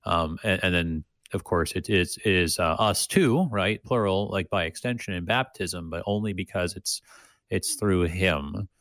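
A man's voice: low-pitched, unhurried, a bit bright, no echo, studio quality. A man co-hosting a casual Bible discussion, talking with many restarts and fillers and reading passages aloud. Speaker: Bible study co-host.

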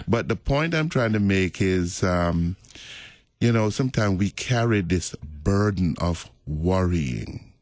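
Man, middle-aged pastor, very low voice, dry close sound, reflective casual talk. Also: no echo. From Jamaica. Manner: unhurried, reflective storytelling. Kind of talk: casual faith conversation.

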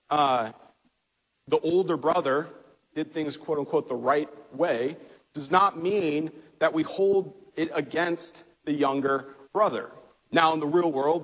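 Male pastor, conversational sermon delivery, slightly husky tone, reverberant sanctuary. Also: fairly high pitch. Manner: conversational preaching with fillers and restarts. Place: church sanctuary. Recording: long hall reverb.

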